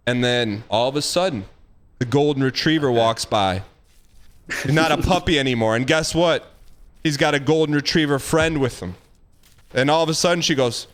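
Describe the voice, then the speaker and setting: A man's voice: a little high, normal speed, a bit bright. A man streaming live and giving blunt, emphatic dating advice in casual chat, repeating himself for emphasis. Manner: emphatic, repetitive, blunt, acts out quoted lines.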